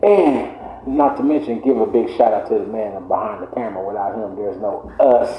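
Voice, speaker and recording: A man's voice: fairly low pitch, moderate pace. A man hosting a podcast, chatting casually and hyping the show intro. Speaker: podcast host. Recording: echoey lo-fi room with faint noise.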